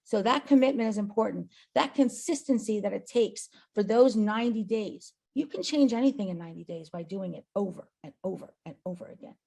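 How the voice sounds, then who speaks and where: Emphatic woman with a gravelly voice. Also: mid-range voice, animated, fairly quick, few pauses, dark tone. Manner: emphatic, earnest, tag questions. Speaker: agency owner. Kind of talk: motivational talk on a company call.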